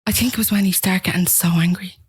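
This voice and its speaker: A woman's voice: fairly low pitch, fairly even intonation, fast, breathy edge. A young woman with a Dublin accent, speaking frankly as an interview guest about family, in a chatty conversational way. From Ballymun, Dublin, Ireland. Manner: frank, with frequent "like" and restarts. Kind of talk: candid conversational storytelling.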